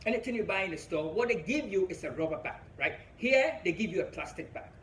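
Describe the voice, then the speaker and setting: A man's voice: sits high, expressive, fast, fairly bright tone, roomy sound, a little hiss or hum, poor audio. A young man from Africa with an African English accent, telling a stand-up story, chuckling at his own jokes and checking in with "right?" between lines. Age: young adult. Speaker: comedian.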